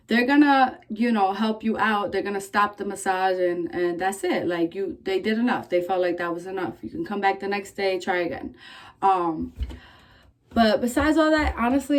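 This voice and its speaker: A young woman vlogging, casually telling a story in a candid, profane, animated way, full of "like" fillers. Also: mid-range voice.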